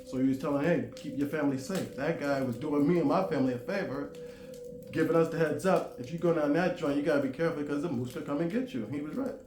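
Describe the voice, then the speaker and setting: A man in his forties telling a long personal story to camera, animated, drawing words out and bursting into loud high stretches. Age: 40s. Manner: animated, drawn-out emphatic delivery with sudden loud high bursts. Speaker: vlogger. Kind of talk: casual storytelling monologue. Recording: roomy echo with faint music.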